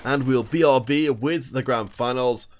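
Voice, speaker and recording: Faint music plays behind this man as he casts a live online shooter tournament in a medium-pitched, slightly slow voice. He's chatty, reading viewer messages aloud between plays and trading jokes with the audience.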